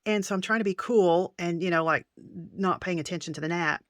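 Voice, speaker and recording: A woman's voice: lowish voice, a little fast, dry recording, studio quality. A woman craft vlogger chatting casually through an unboxing, gushing with delighted exclamations.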